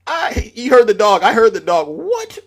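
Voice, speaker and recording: Male live-stream host, higher voice, animated and mocking, casual commentary. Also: fast talker.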